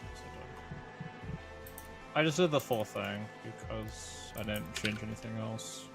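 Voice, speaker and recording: A man's voice: lowish voice, moderate pace, vocal fry, over music. A man joining a live hacking stream, speaking in a laid-back, hesitant way that often trails off. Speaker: co-host guest. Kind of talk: casual live-stream chat.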